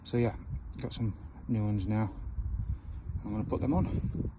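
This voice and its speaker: A man's voice: lowish voice, steady tone, unhurried, highs cut off. A man chatting casually to camera as a vlogger, out of breath and muttering at his camera. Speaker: motorcycle vlogger. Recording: loud noise behind the voice.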